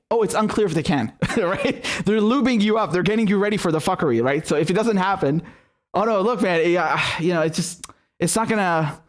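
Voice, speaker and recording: A man hosting political commentary, ranting in an angry, sarcastic and profane way with mocking asides. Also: on the high side.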